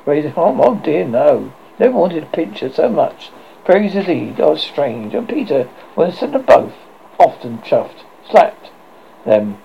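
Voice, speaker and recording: A man reading a storybook aloud as narrator, with an expressive, animated delivery. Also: fairly high pitch, unhurried, vocal fry. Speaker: audiobook reader. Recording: muffled with faint hiss.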